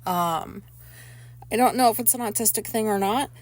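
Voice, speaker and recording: A woman's voice: fairly high pitch, normal speed. A woman in her thirties chatting casually from her bedroom, rambling and candid, with plenty of swearing. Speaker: podcast host. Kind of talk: casual personal chat. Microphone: phone.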